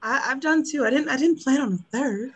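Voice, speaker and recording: A woman's voice: sits high, fairly quick. A woman talking as a podcast guest in casual chat, enthusiastic and laughing often, with frequent hesitations.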